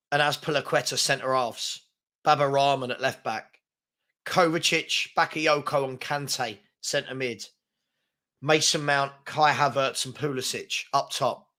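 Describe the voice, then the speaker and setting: A man's voice: on the high side, bright, forceful tone. A man hosting a casual live-stream chat, frustrated and rambling, reading out viewer comments as he talks. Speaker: host.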